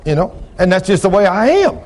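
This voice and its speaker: Loud gruff older preacher man. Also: sits high, very animated, a little fast. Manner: loud, gruff, rising into shouts when acting out stories; plain-spoken, ungrammatical storytelling with audience questions. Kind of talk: folksy sermon.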